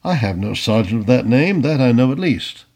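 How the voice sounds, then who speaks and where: A man doing a loud, curt British colonel. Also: mid-range voice, lively intonation, normal speed, vocal fry, a little hiss or hum. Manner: loud, curt, barking questions. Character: gruff impatient British cavalry colonel.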